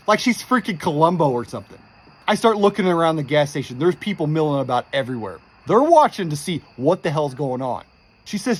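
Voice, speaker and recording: A man's voice: a little high, sing-song, brisk, husky. A man in his forties intensely retelling a frightening true story, with frequent swearing. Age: 40s. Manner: intense, profane, shaken retelling. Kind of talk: first-person true story.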